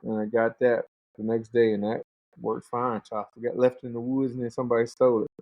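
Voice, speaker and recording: A man in his thirties tells hunting stories in a relaxed, casual way. He jumps into higher voices to act out what his friends said. The sound is dull and dry, like a muffled podcast mic in a deadened room. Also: fast talker, no room sound. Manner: animated, acts out quoted friends in a higher voice. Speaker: guest, pro fighter and bow hunter. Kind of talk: casual storytelling.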